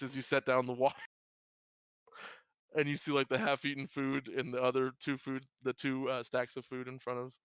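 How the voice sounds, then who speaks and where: A man runs a tabletop game as game master, narrating scenes in a loose, rambling way full of fillers. His voice is smooth and clear at a middle pitch. The recording is close and dry. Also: a bit bright, no echo. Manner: rambling, lots of "like" and "uh".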